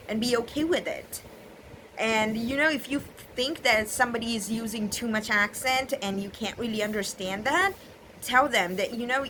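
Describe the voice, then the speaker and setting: A woman's voice: a little high, sharp tone, a little hiss or hum, rough recording. A young woman, speaking as a teacher and giving casual, earnest advice to learners, with many fillers and restarts. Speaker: English teacher.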